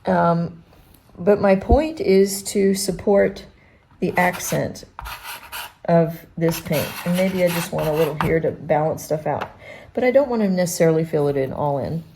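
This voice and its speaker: Woman art instructor, low mellow voice, halting and thinking aloud during a demo. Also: gravelly, a little hiss or hum. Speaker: art teacher demonstrating pastel painting. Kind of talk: unscripted painting demonstration.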